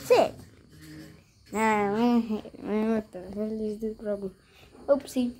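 A woman's voice: mid-range voice, level tone, takes it slowly, long pauses, dark tone, a little hiss or hum. A woman vlogger, chatting casually to viewers and to her animals at home. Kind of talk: casual vlog narration.

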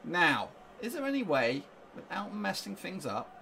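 Male fan-streamer, gravelly, fairly high voice, excitable live match reaction, faint noise behind. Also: unhurried. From England. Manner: excitable, urging the team on. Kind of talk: live football reaction commentary.

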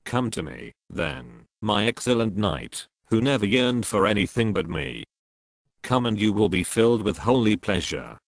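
Man voicing holy spirit, tender, slow, solemn, low voice. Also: gravelly, dry recording, clean studio sound.

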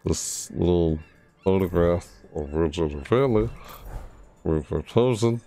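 A man's voice: low voice, expressive, measured pace, dark tone. A tired man streaming a video game, mumbling and rambling to himself in casual commentary. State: tired, yawning.

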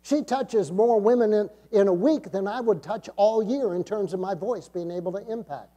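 Pastor guy preaching, fairly high but mellow voice, gets loud then drops way down. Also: moderate pace. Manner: emphatic preaching, swells up then drops low. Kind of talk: sermon. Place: church sanctuary.

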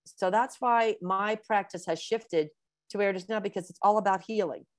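A woman in her sixties, a physician being interviewed in a webinar, explaining at length in a warm, rambling way with many fillers. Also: mid-range voice, normal speed, dry recording. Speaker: breast cancer physician, guest.

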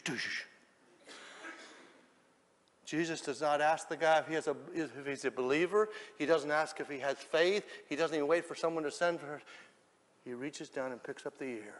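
Man preaching, high bright voice, gravelly, dramatic storyteller, echoing hall. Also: brisk. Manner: dramatic storyteller, swings from hushed to shouting. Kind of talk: sermon.

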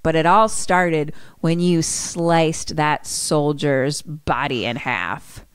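A woman doing a smug, calm devil. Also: low-pitched, clear, resonant tone, no echo. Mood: smug menace. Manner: slow, cool, menacing.

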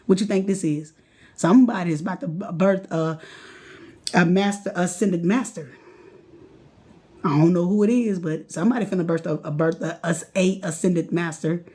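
A woman giving a late-night live tarot reading, casual and slangy, talking straight to her viewers and getting excitable, chanting and repeating herself. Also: lowish voice, moderate pace, breathy edge. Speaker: tarot card reader.

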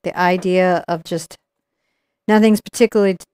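A woman's voice: lowish voice, fairly even intonation, normal speed, darkish tone, clean tone, no echo, studio quality. A middle-aged woman teaching acrylic painting live, chatting and explaining each brush move as she paints. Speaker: painting instructor.

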